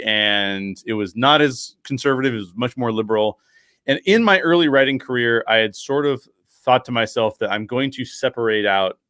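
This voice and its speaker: A man's voice: fairly low pitch, clean tone, no room sound, studio quality. A man chatting as a guest on an interview podcast, telling a personal story with lots of restarts and acting out what others said. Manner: animated storyteller, acts out quoted dialogue; many fillers and restarts, frequent laughs.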